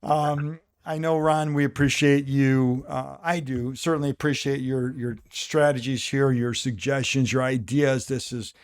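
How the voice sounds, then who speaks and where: A man's voice: mid-range voice, steady tone, unhurried, few pauses. Man hosting a sales podcast. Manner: affirming, rambling with restarts. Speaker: podcast host. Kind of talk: conversational podcast interview.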